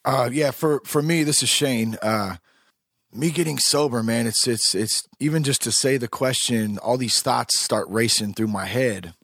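Relaxed man on a podcast call. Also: medium pitch, unhurried, dry recording, clean studio sound. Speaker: podcast host. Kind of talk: casual podcast chat.

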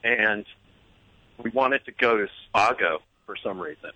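A man's voice: lowish voice, measured pace, pushed and bright, no echo, muffled recording. A man calling in to a talk show and telling a rambling, self-deprecating story. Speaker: caller. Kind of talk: casual anecdote telling.

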